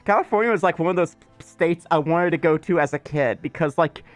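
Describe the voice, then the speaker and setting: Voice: mid-range voice, fairly quick, no echo, soft background music. A streamer from Mississippi, rambling in casual livestream chat and still coughing from being ill. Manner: rambling, playful, teasing. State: lingering cough.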